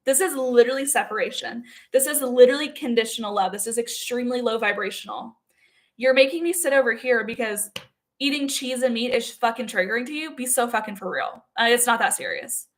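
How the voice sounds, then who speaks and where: A woman's voice: on the high side, a little fast. Blunt, profane young woman ranting. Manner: blunt and profane, emphatic with frequent "okay?" check-ins. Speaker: spiritual content creator. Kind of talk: casual monologue to camera.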